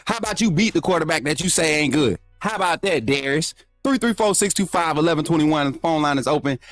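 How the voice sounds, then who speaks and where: A man's voice: on the high side, expressive, quick pace, fairly bright tone, no echo, clean studio sound, soft background music. A man hosting a call-in sports show, trash-talking rivals and scolding his chat with laughter. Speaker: show host. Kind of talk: casual call-in sports talk.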